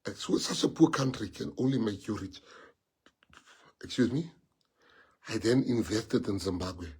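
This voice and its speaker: A middle-aged South African man, a party leader, speaking to followers on a social media livestream in short anecdotal bursts whose loudness swings from lively to low. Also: normal speed, breathy edge. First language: Afrikaans. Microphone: phone or computer mic on a social media livestream.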